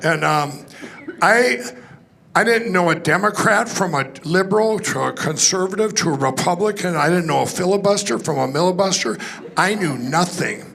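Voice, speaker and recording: A man giving a personal testimony at a conference, telling his story in an excitable, rambling way with many restarts and laughs. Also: high voice, normal speed, creaky. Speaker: conference speaker. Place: conference hall stage.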